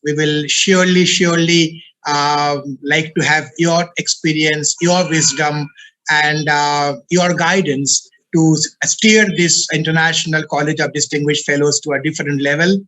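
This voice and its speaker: A fairly high, bright man's voice on a video call. He offers formal, effusive thanks and congratulations to guests, and his speech is full of "uh" fillers and repeated words. He sounds like a college head welcoming honorees. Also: steady tone, unhurried, low-quality recording. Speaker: college CEO.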